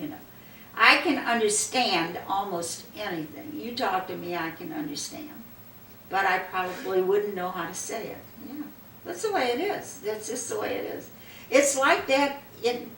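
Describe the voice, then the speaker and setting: An older woman telling a long story in a relaxed, rambling way, looping back on herself with "I said" and "she said." She is taped from a distance in a roomy space, with a faint hum of background noise. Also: mid-range voice. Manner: rambling, repeats "I said" and "she said" often. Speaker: interviewee. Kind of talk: casual storytelling.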